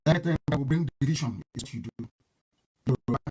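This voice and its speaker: A man's voice: medium pitch, fast, dark tone, husky. A man giving a live online broadcast as a political speaker, combative, defiant and emphatic.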